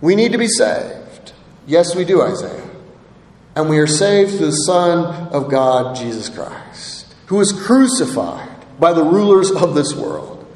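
A man's voice: fairly high pitch, sing-song, unhurried, a little mellow. A man preaching a sermon, earnestly reading scripture and often checking in with "right?". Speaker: pastor. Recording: echoey hall with long reverb.

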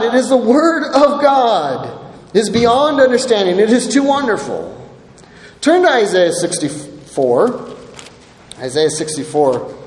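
Pastor, male, very high-pitched, earnest sermon delivery, roomy hall reverb. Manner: earnest, repeats "right?" often, reads scripture slowly. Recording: echoey hall with long reverb.

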